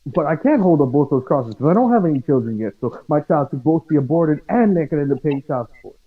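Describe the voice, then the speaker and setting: A man's voice: on the high side, animated, fast talker. Wry male caller on phone line. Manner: provocative, wry questioning. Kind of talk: call-in advice chat.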